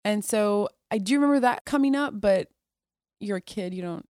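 A woman guest on a podcast telling her personal story in a candid, conversational way, with restarts and moments where she drops soft and quiet. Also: medium pitch, normal speed, dry recording, studio quality. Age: adult. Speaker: podcast guest, Air Force officer.

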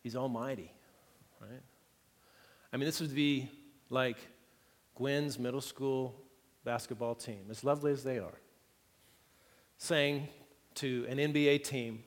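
A pastor preaches in an easygoing, conversational way, mixing light humor with rhetorical questions to his congregation. His voice sits at a middling pitch for a man. The sound rings out with the long reverb of a large church hall. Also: a little slow, pauses often. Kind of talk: sermon.

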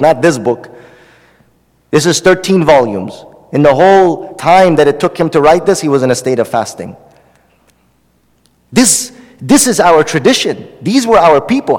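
A man preaches with passion, pleading and repeating himself for emphasis as he teaches hadith. His voice sits a little high for a man. Long reverb from a lecture hall trails each phrase. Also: darkish tone. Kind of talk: impassioned sermon.

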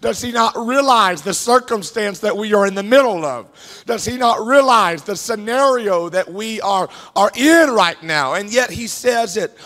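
A male pastor preaching a sermon with fervent, shouted peaks and many "uh" fillers. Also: high voice, lively intonation, unhurried. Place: church sanctuary. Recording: echoey hall reverb.

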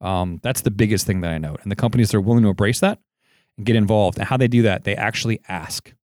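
Rambling low-voiced podcast guest. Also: male voice, quick pace, darkish tone, no room sound, clean studio sound. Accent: mid-Atlantic American. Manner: rambling, filler-heavy business talk. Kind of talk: casual podcast chat.

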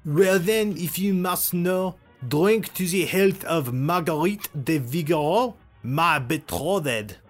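A man's voice: fairly high pitch, takes it slowly, few pauses, faint music behind, voice pushed up. A man doing a drunk, slurring Frenchman. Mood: grandly proud. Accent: put-on French. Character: drunk young male French suitor, proud.

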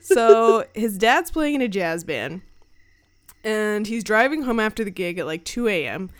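A woman telling ghost stories as a casual podcast co-host. Her pitch moves up and down with lively animation, and her talk is loose and chatty, full of fillers and the odd swear word. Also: unhurried. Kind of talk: casual storytelling chat.

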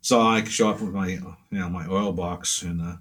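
Husky, low-voiced New man telling stories. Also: steady tone, moderate pace, fairly bright tone. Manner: rambling storyteller, many fillers, acts out quotes. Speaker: pastel artist guest. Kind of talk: casual interview chat.

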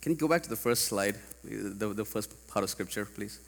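A man from India preaching a sermon to a congregation, animated and rising to loud emphatic peaks. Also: on the low side, moderate pace, gravelly, big-room sound. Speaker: pastor. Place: large church hall.

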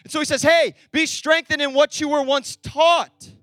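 A young man preaching a sermon, energetic and storytelling, acting out bits of dialogue. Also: very high-pitched, moderate pace, no echo, faint music behind. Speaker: pastor.

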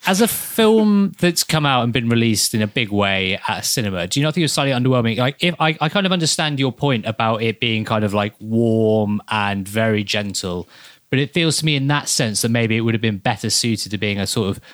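A man's voice: mid-range voice, expressive, brisk, a bit bright, no echo. A man from Guernsey on a podcast, giving blunt, dry criticism of a film in casual chat. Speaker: podcast co-host.

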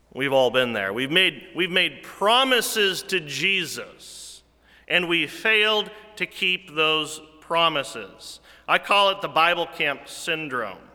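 A male preacher delivers his sermon at a very slow, deliberate pace. His voice is bright and sits a little high. It swells and sinks to near-whispers inside a big, reverberant sanctuary. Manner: slow, deliberate preaching that swells louder then drops to a hush.

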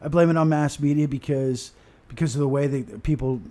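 A man's voice: mid-range voice, fairly even intonation, fairly quick, mellow. A man in casual chat, talking bluntly and emphatically with plenty of swearing.

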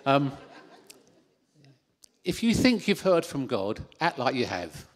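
Speaking slowly at a medium pitch, a man preaches a sermon into a handheld microphone in a church hall. He's animated and drops in self-deprecating asides.

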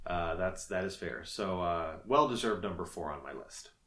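A man's voice: low voice, animated, normal speed, fairly bright tone. A man co-hosting a podcast in casual chat, thoughtful and hesitant, with many fillers. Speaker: podcast co-host. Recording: echoey room.

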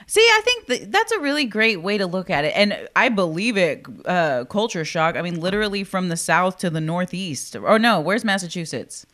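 A woman's voice: on the low side, big pitch swings, moderate pace, hardly any pauses, fairly bright tone. A woman interviewing a guest in a chatty, encouraging way. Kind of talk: casual interview chat.

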